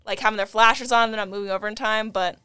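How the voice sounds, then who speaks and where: A young woman co-hosting a casual podcast, telling news stories in an animated way with lots of fillers. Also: mid-range voice, racing, clean tone, no echo. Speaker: podcast co-host.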